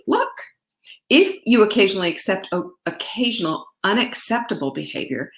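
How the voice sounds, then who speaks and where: A woman's voice: lowish voice, reverberant. A middle-aged woman hosting a casual live stream, chatty and greeting viewers by name. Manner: chatty, warm-hearted, greets viewers by name, laughs often. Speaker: livestream host.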